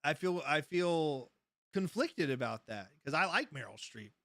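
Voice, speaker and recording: A man's voice: fairly high pitch, animated, unhurried, a bit bright, no echo. Chatty laughing man live-streaming. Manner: rambling storyteller, laughs often, answers chat. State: high. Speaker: livestream host. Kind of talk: casual live-stream chat.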